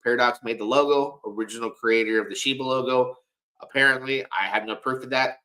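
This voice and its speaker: A man's voice: medium pitch, fairly even intonation, fairly quick, pushed and bright, rough recording. Male livestream host, casual commentary, rambling and self-assured, keeps repeating words.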